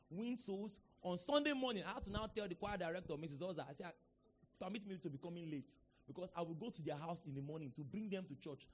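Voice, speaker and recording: High-voiced Nigerian pastor preaching. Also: male voice. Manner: preaching with sudden shouted bursts and call-and-response. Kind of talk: sermon.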